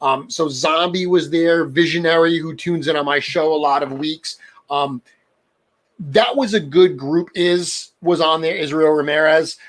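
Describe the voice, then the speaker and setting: A middle-aged man with a New England accent hosts a chatty podcast about collecting. His voice sits a bit high for a man, and he rambles easily and laughs at his own stories. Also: measured pace. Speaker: podcast host. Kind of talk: casual chat about toy collecting.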